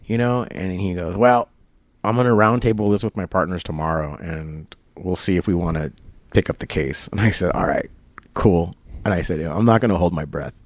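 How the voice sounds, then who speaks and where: His low voice comes at a moderate pace in a dry recording. An interview guest at a barber shop, he tells a long story conversationally, voicing both ends of phone calls with quoted lines and laughter.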